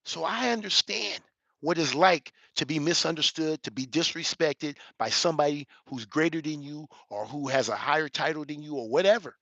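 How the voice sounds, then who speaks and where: A man in his forties, an elder, telling a personal story with emphatic rhetorical questions and building toward near shouting. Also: on the high side, normal speed, vocal fry, no echo. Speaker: elder giving a reaction commentary. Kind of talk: animated personal storytelling commentary.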